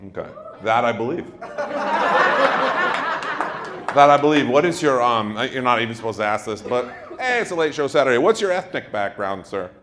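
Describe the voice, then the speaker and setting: A male stand-up comedian doing loud, teasing crowd work on a club stage. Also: medium pitch, lively intonation, fast talker, noisy background. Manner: loud, brash, teasing the audience. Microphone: handheld stage mic. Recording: live club with crowd laughter. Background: audience laughter.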